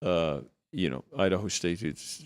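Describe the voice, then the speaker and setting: Deep-voiced halting bookmaker guest. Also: male voice. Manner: halting, hesitant, trails off. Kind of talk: sports betting panel talk.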